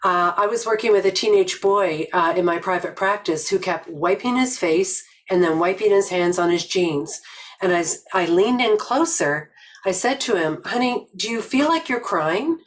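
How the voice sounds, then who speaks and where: An older woman from Nova Scotia giving a reflective webinar talk, telling stories slowly and earnestly with many pauses. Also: lowish voice, low-quality recording. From Nova Scotia, Canada. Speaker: webinar presenter.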